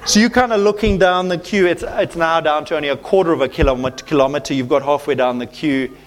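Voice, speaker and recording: Pastor, male, high-pitched voice, lively preaching that keeps checking in with the congregation. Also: brisk. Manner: animated preaching, checking in with "okay?". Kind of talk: sermon.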